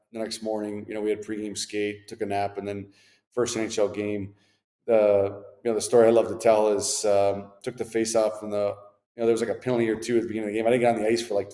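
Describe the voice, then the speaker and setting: A man in his thirties, a former hockey player, telling laid-back, slangy stories as an interview guest. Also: lowish voice. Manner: laid-back, animated anecdotes with slangy asides. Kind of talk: casual storytelling interview. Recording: echoey room with long reverb.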